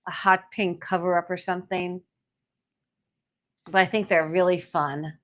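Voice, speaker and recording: A woman's voice: lowish voice, fairly even intonation, measured pace, a bit bright. A woman co-hosting a live shopping stream, chatty and gushing as she shows off jewelry and china. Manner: chatty, gushing over items. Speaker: co-host selling items on a livestream. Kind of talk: casual live shopping chat.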